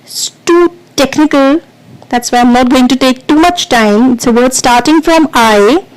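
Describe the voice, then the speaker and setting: Slow-paced teacher woman, fairly high voice. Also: clean tone, low-quality recording. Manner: explains patiently, counts down one-two-three before answers. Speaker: English teacher. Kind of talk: vocabulary quiz lesson.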